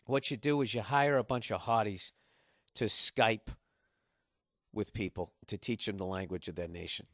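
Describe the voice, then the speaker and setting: Profane, animated male comedian ranting. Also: lowish voice, moderate pace, no room sound, clean studio sound. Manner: profane, animated, building to loud outbursts. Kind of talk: comedic podcast rant.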